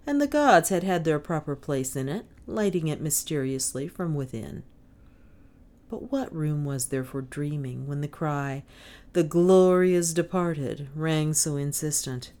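A woman narrating a novel aloud in a measured, expressive storytelling manner. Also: low-pitched. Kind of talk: audiobook reading of a novel.

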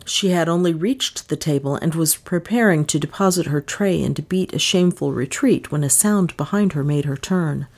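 A woman narrating an audiobook in a measured, unhurried reading voice. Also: low-pitched, a little mellow.

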